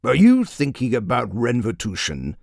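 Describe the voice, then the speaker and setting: A man's voice: medium pitch, huge pitch swings, normal speed, creaky, darkish tone, dry recording, clean studio sound, heavily acted. A man doing a pompous, dim-witted king. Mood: blustering. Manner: blustering, easily flustered.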